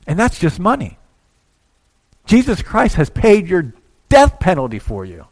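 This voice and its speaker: A man preaching a sermon in a church, talking conversationally and acting out little asides as he swings between quiet and loud. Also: high-pitched, wildly swooping pitch, unhurried, pauses often. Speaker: pastor.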